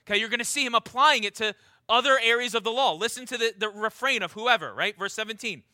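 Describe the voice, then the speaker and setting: A man delivers a sermon in a high, very bright voice. He reads scripture aloud and stretches key words for weight. The sound is close and dry, with no room echo. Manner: emphatic, slows down to stress key words. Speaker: preacher.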